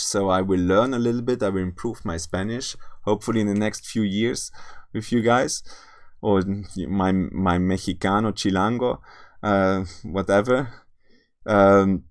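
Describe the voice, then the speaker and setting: Slow, earnest male spiritual teacher. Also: on the low side, clear, resonant tone. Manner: halting, restarts and repeats words; earnest, addresses listeners directly. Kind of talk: spiritual lecture.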